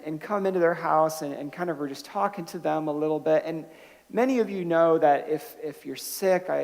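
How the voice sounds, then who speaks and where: A man preaching a sermon as pastor, telling stories in a conversational way with restarts and rising to emphatic bursts on key points. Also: on the high side. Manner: conversational storytelling with frequent restarts. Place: church sanctuary. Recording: long hall reverb.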